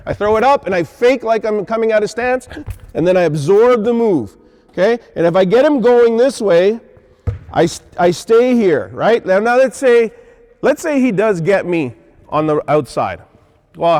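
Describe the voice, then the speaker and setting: A man's voice: high-pitched, long reverb tail. A man coaching basketball on a court and demonstrating moves, checking in with "okay?" and "right?", a little out of breath. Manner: instructive, punctuates points with "okay?" and "right?". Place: gym.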